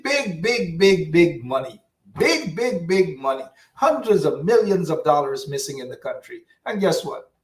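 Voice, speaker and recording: A man's voice: a little high, creaky, roomy sound, far from the mic, rough recording. A man with a Guyanese accent hosting a casual political talk show, ranting and repeating himself with lots of energy. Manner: animated, repetitive, ranting.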